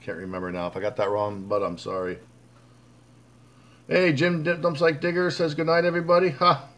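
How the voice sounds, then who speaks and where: A man's voice: on the low side, flat delivery, moderate pace, a bit bright. A man hosting a casual live stream, chatting loosely with viewers, greeting them by name and calling them bud. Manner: rambling, reads viewer comments aloud; frequent fillers and restarts. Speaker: livestream host.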